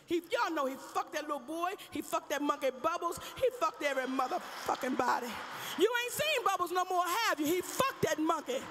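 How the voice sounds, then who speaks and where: A woman stand-up comedian telling a profane story in a brash style with loud outbursts, on a live stage. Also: high-pitched, expressive, fairly quick, a little hiss or hum. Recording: reverberant live venue.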